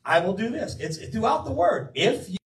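Older man, pastor, emphatic sermon, high voice; roomy church sound, mic at a distance. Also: normal speed. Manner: animated, emphatic preaching with quoted asides. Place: church sanctuary.

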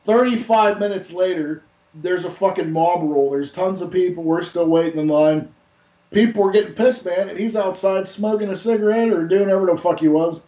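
A man with a fairly high voice tells a raucous story, swearing constantly and acting out each part with big energy. He is recorded at home, and the sound is echoey and dull, like a lo-fi room recording. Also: brisk. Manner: profane, animated storytelling. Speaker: podcast host. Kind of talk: casual storytelling.

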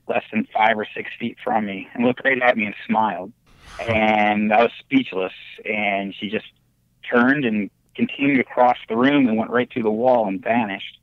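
A man telling his ghost story as a podcast guest, animated and excitable, with big jumps in his voice. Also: lowish voice, normal speed, no echo. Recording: dull, lo-fi remote audio.

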